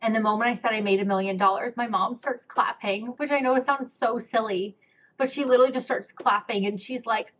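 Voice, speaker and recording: A woman's voice: a little high, fairly even intonation, a little fast, a bit bright, slight background noise. A young woman hosting a podcast, telling a personal story in a candid, emotional way, with many fillers and close to tears. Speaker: podcast host.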